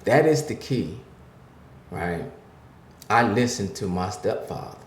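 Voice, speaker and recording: Slow, deep-voiced man in a roomy space. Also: animated. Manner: slow, halting start building to forceful preacherly emphasis. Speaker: speaker giving life advice to men. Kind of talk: motivational talk. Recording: roomy echo.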